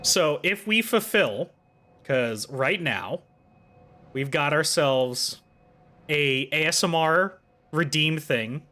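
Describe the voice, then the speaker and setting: Playful, animated male streamer. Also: fairly high pitch, takes it slowly. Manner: playful, teasing. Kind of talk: casual livestream chat.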